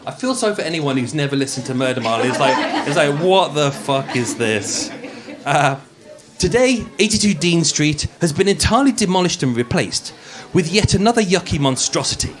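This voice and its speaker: A man from Birmingham, England hosts a true-crime show, telling the story live with jokey asides and stumbling and restarting as he goes. His voice is on the high side and sing-song, and he talks fast with hardly any pauses.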